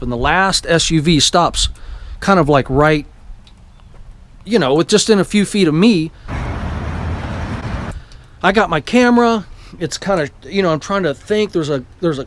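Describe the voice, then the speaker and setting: High-voiced excited male vlogger. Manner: eager, rambling retelling with profanity. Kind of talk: excited personal storytelling to camera.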